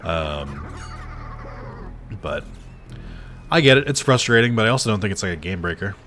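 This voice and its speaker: A man's voice: deep voice, big pitch swings, normal speed, fairly bright tone, soft background music. A man chatting casually while streaming a game, swearing freely and answering his chat. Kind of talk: casual gameplay commentary.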